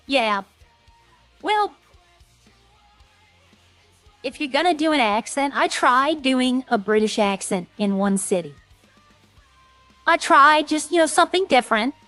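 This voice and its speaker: A woman's voice: high-pitched, animated, a little slow, pauses often, a bit bright, soft background music. A woman streamer rambling in casual, self-deprecating chat with her viewers.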